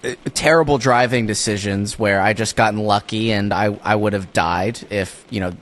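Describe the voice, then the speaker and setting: A man's voice: on the low side, fairly even intonation, moderate pace, fairly bright tone. A young man co-hosting a podcast, telling rambling stories in casual chat, often repeating his words. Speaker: podcast co-host.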